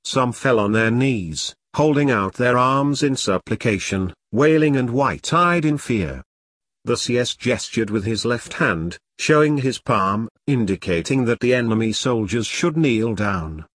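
A man's voice: mid-range voice, dry recording. Man reading a war novel audiobook. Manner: steady, measured reading. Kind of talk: scripted audiobook narration. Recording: dry close studio sound.

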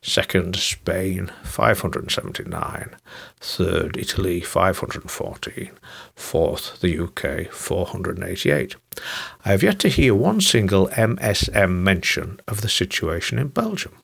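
A man's voice: low voice, animated, a little slow, gravelly, fairly bright tone, breathy edge. A man reading his own scripted political commentary in a sardonic, mocking manner.

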